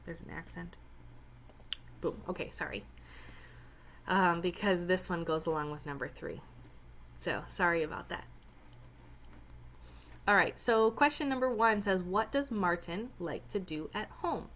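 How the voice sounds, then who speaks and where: A woman's voice: on the low side, a little slow, pauses often, a bit bright, slight background noise. A woman teacher explaining a Spanish reading step by step, with chatty joking asides. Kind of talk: recorded lesson walkthrough.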